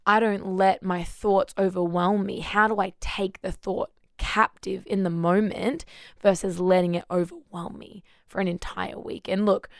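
Brief: woman podcast co-host, lively anecdotal storyteller, mid pitch, close dry mic. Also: no room sound. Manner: animated storytelling, laughs often. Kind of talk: casual faith podcast chat.

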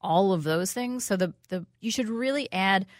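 A woman's voice: medium pitch, animated, normal speed, dry recording, studio quality. A woman hosting a food radio show, talking casually and rambling with many fillers, restarts and easy laughs. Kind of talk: casual talk radio chat.

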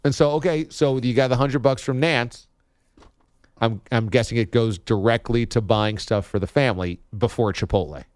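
A man's voice: medium pitch, normal speed, no room sound. A man hosting a sports radio show, dryly teasing his co-host and reading out segment promos. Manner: teasing, dry ribbing.

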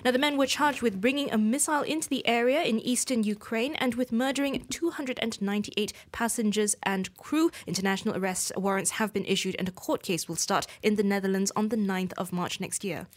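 A woman co-hosting a business radio programme in the morning. She reads the news in a measured way, then slips into looser talk with small restarts. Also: mid-range voice. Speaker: radio show host.

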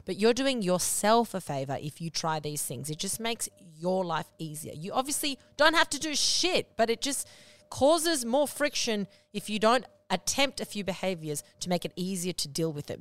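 A woman's voice: mid-range voice, expressive, moderate pace, no echo. A woman hosting a podcast, giving relationship advice in a casual, blunt way, swearing often and checking in with "okay?". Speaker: podcast host.

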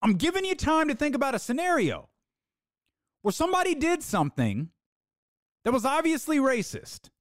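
A podcast host giving an opinionated sports talk monologue, sarcastic, with mocking put-on quotes and dramatic pauses. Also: sits high, huge pitch swings, no room sound, clean studio sound.

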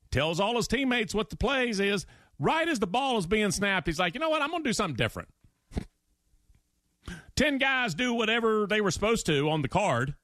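In clean, echo-free studio audio, a high-pitched male sports radio host gives an opinionated talk. He tells his stories with emphasis and animation, performing the quotes.

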